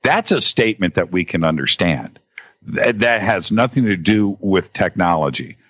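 A man in casual conversation as a guest, talking in halting bursts with many restarts and repeated words. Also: low voice, expressive, fairly bright tone, dry recording. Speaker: podcast guest. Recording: dull lo-fi audio.

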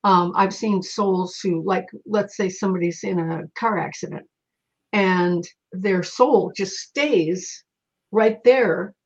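Woman, middle-aged, husky voice, animated storyteller, acts out quoted voices, dull lo-fi recording. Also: mid-range voice, takes it slowly. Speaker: psychic medium guest. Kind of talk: casual storytelling in an interview.

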